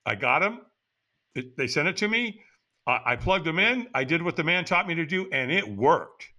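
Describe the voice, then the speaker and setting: Animated older man telling a story. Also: a little high, normal speed. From United States. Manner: animated, acts out quoted dialogue in the story. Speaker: podcast guest. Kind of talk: storytelling in conversation.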